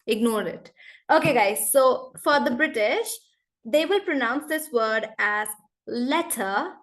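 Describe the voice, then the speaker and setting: A woman teaching English in an online class over a video call, brisk and chatty, calling on students by name. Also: a little high, lively intonation, fairly bright tone.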